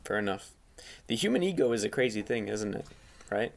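A man's voice: on the low side, very animated, fairly quick, gravelly, slight background noise. A man hosting a casual podcast chat, joking and swearing freely. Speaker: podcast host.

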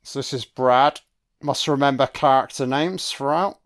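A man's voice: medium pitch, moderate pace. A man giving a casual, profane and sarcastic film commentary as host.

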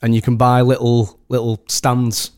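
A man's voice: mid-range voice, monotone, measured pace, clean tone. A man from the UK, a wedding host, chatting casually as a podcast guest in a rambling way full of restarts. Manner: rambling, many restarts and "do you know what I mean".

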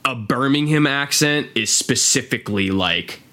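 A man's voice: mid-range voice, animated, a little slow, pushed and bright. An American man hosting a casual podcast, rambling and swearing freely, with lots of fillers. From United States. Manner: rambling, profane, filler-heavy. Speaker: podcast host. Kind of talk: casual chat.

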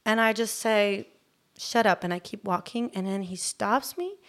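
A woman, a podcast guest from Turkey, telling a story in casual chat, animated and acting out moments. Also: medium pitch, moderate pace. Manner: animated storyteller, acts out her own shouts.

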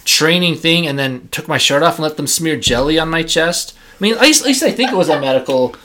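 A man's voice: fairly high pitch, lively intonation, brisk, a crowd in the background. A young man, a comedian on a podcast, telling a story in a rambling way with many restarts. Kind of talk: casual storytelling.

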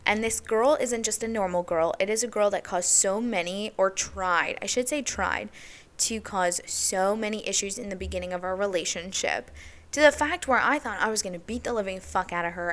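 Young woman host, candid and chatty, mid-pitched, casual confessional storytelling. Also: normal speed, a bit bright. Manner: candid, chatty, heavy use of "like". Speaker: podcast host.

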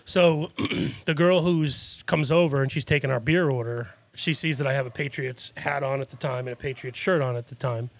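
A man's voice: mid-range voice, normal speed, gravelly, few pauses. A man from Massachusetts hosting a casual podcast chat, telling rambling stories and laughing often. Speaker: podcast host.

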